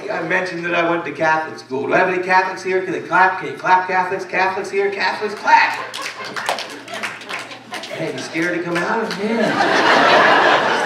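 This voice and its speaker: A middle-aged man doing a stand-up comedy set with loud, punchy crowd work on a club stage. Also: fairly high pitch. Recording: echoey club recording from far off, crowd noise. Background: audience laughter and club chatter.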